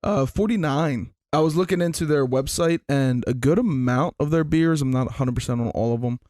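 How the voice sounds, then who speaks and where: A man's voice: medium pitch, a little fast, a little mellow, no room sound, studio quality. A man co-hosting a casual podcast, presenting a beer in a loose, laid-back way with fillers. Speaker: podcast co-host. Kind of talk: casual chat, beer review.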